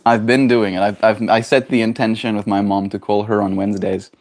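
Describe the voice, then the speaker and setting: A man's voice: fairly low pitch, level tone, a little fast, darkish tone. A young man livestreaming, chatting casually and reflectively with his viewers. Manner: rambling, reflective, talks to chat. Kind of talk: casual daily stream chat.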